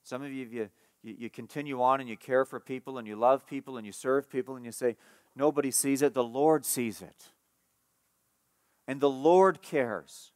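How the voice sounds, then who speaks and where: A man preaching a sermon as pastor, emphatic and repetitive, dropping to a soft hush for tender passages and rising for key points. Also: normal speed, no echo, studio quality. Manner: emphatic preaching, repeats key phrases, rises in pitch and force when stressing points.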